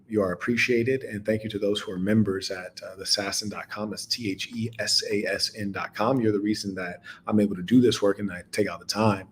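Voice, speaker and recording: A man hosting a podcast, speaking in a casual monologue to a live audience, with animated storytelling and laughing asides. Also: lowish voice, slight background noise. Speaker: podcast host.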